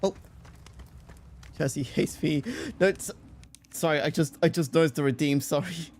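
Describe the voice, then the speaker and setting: A man's voice: a little high, fairly even intonation, a little slow, darkish tone, a little hiss or hum. A man streaming a game, chatting casually, rambling and self-deprecating, swearing freely and laughing often.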